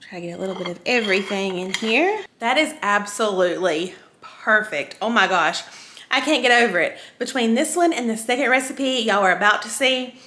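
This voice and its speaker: A woman's voice: medium pitch, expressive, moderate pace, bright, forceful tone. A woman hosting a home cooking video, chatting casually to viewers and giggling often. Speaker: cooking channel host. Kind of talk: casual cooking demo chat.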